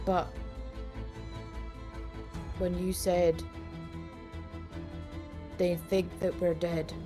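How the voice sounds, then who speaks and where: A weary, caring adventurer, as a woman plays her, speaking in a lowish, flat voice that barely rises or falls. Her words come soft and heartfelt. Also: drawn-out words, over music. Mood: sombre.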